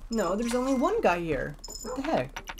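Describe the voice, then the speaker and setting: A woman's voice: on the high side, sing-song, moderate pace, noisy background. A woman giving casual gameplay commentary, rambling and leaning on lots of filler words. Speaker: gameplay video creator. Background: game music.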